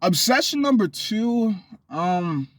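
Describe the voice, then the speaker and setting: A man's voice: sits high, very animated, slow, no room sound. A man telling a candid personal story to his viewers, blunt and profane, rambling with restarts. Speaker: vlogger.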